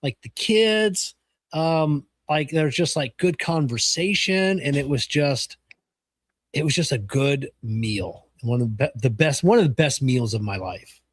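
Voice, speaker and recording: A man's voice: mid-range voice, animated, measured pace, no echo. A man co-hosting a podcast, telling stories in a loose, rambling way full of fillers. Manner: rambling, many fillers like "you know" and "like". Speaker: podcast co-host. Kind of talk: casual chat.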